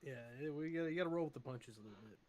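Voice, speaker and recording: A man's voice: medium pitch, racing, a crowd in the background. A man playing at a streamed tabletop game, easygoing and casual as he explains his character. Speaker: player.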